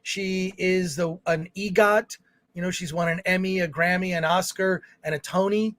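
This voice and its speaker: High-voiced man reading viewer comments. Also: steady tone, moderate pace, a bit bright, dry recording. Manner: chatty, reads comments aloud with fillers and restarts. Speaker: film review show co-host. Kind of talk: casual livestream chat reading viewer comments.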